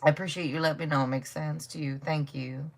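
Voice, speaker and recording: A woman's voice: deep voice, steady tone, fast talker. A middle-aged woman giving a live tarot reading in a casual, blunt, chatty way, swearing freely and laughing often. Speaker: tarot reader.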